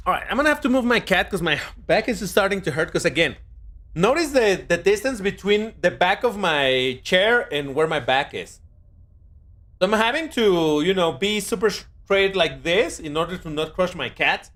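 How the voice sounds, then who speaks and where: A man's voice: high voice, lively intonation, moderate pace, a bit bright. A young man chatting casually while streaming a racing game, talking to his viewers and his cat. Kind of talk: casual live-stream commentary.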